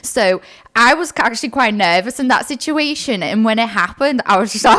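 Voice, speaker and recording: A woman co-hosting a podcast, telling a dating story in a giggly, animated way and talking to her listeners as guys. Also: fairly high pitch, moderate pace. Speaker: podcast co-host. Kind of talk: casual chat.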